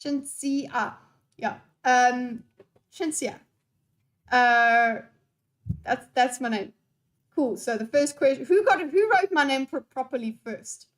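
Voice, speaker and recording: In a high voice, speaking slowly and pausing often, a young woman reads chat during an unscripted live stream. She chats with her viewers playfully and scatteredly, swearing freely.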